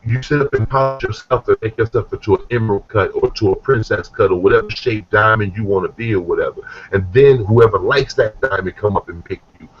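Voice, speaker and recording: A man in casual chat, telling loose, profane stories and acting out what people said. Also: lowish voice. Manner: loose, profane, storytelling with acted-out quotes. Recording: dull lo-fi recording.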